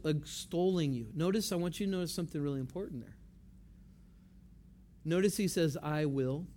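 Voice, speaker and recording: A man's voice: high-pitched, a little mellow. Man preaching a conversational sermon. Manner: conversational preaching, repeats phrases for emphasis. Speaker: pastor.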